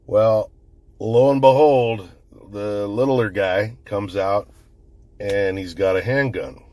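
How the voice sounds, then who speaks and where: A man's voice: lowish voice, slow pace, a little mellow, no echo. A man recounting an incident in casual, rambling commentary, swearing often and restarting his sentences, recorded on his phone. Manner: rambling, profane, conversational, with frequent restarts. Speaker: firearms commentator.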